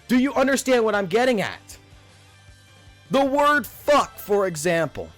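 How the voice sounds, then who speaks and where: A man in his thirties talks through a casual livestream in a fairly high voice, rambling and swearing as he rants. His delivery is animated, and faint guitar music plays underneath. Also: unhurried. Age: 30s. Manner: profane, rambling rant. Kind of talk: casual stream commentary.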